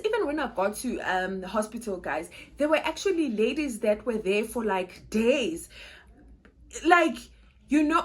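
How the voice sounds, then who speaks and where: Young South African woman with a Xhosa accent, vlogger, lively storyteller, slightly high voice. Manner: animated, laughing, switching between English and Xhosa. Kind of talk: casual storytelling vlog.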